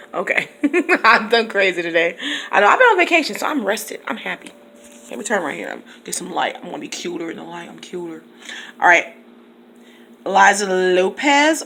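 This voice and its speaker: A woman's voice: mid-range voice, a bit bright. A woman teacher chatting casually in her own vlog, laughing often and talking to her viewers by name. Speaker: teacher and YouTube vlogger. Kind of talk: casual vlog chat to subscribers.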